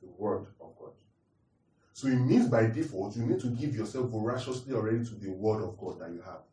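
A man's voice: on the low side, animated, brisk, dark tone. Man, preacher, sermon, repeats points, quizzes congregation, echoey room, distant mic. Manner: repeats points, asks the audience questions. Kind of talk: sermon teaching. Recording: roomy echo, distant mic.

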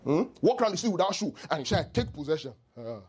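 Animated pastor, husky voice. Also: male voice, a little high, fast. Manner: animated, mocking asides, call-and-response. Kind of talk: sermon.

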